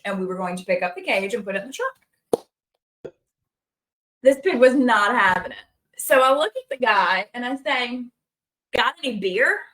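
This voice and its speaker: A woman's voice: medium pitch, a bit bright. A woman, a homesteader guest on a podcast, telling stories in an upbeat, wry way and laughing often. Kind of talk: casual storytelling.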